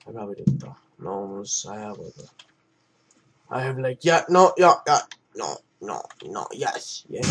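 A young man hosts casual gameplay commentary for his own channel. He rambles loosely, swears freely and often lets his words sink into low mumbles. His voice sits at an everyday middle pitch. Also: slight background noise. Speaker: gaming channel host.

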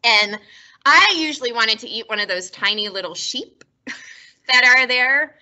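A woman's voice: a little high, lively intonation, measured pace, sharp tone, highs cut off. A woman librarian hosting a casual book talk, chatty and self-deprecating, often laughing. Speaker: librarian and host.

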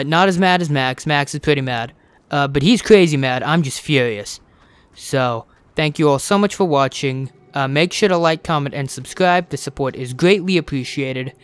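A young man narrating his gameplay with a clear, smooth voice, fairly high for a man. He talks close to the mic in a dry, dead room, cursing and exasperated. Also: dry recording. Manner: profane, exasperated, animated. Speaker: let's play host. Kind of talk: gaming commentary.

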